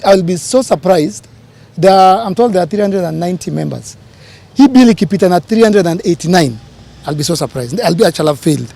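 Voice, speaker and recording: A man's voice: a little high, creaky, mellow. A man with a Kenyan accent giving impassioned remarks to reporters, emphatic and pleading, repeating his appeals. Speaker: public figure addressing reporters.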